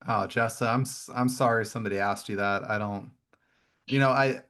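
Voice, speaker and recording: A man's voice: fairly low pitch, normal speed. A man hosting a podcast interview, speaking conversationally and acting out quoted voices when he retells a story. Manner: warm, animated storyteller who acts out voices. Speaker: podcast host.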